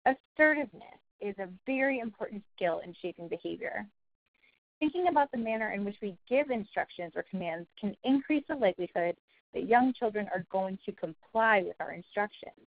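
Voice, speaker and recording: A woman walks caregivers through a training lesson, explaining each point clearly and acting out example phrases along the way. Her voice comes through a narrow, phone-like channel with a dry, close sound. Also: medium pitch, expressive, fairly quick, dry recording. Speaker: early childhood trainer. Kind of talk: recorded training presentation.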